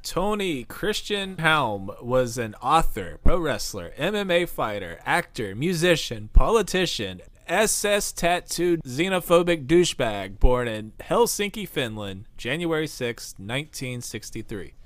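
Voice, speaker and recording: A man co-hosting a podcast in relaxed, casual chat, laughing easily. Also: a little high, measured pace, hardly any pauses, no room sound. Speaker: podcast co-host.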